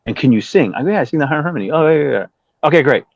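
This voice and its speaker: This animated, creaky voice sits on the high side and moves very fast, with no echo. It belongs to a middle-aged Southern Californian musician telling a story in a casual interview, cursing freely and voicing other characters. The recording is slightly dull and dry.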